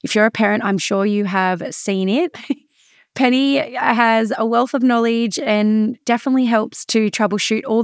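A woman's voice: a little high, no echo, clean studio sound. A woman co-hosting a parenting podcast in a casual, chatty way with lots of fillers. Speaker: podcast co-host; mother of school-age kids. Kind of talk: casual chat.

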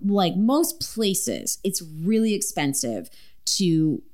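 A woman's voice: fairly low pitch, big pitch swings, slow, darkish tone. Chatty swearing woman podcast host. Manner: chatty, swears freely, lots of fillers. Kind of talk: casual podcast chat.

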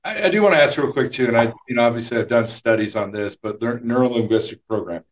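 Halting, friendly male podcast host. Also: mid-range voice. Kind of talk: casual interview chat.

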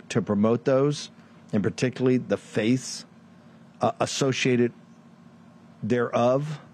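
A man's voice: mid-range voice, darkish tone. A man from Virginia hosting a show, delivering a combative political commentary monologue full of rhetorical questions and mocking asides. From Virginia, USA. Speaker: show host.

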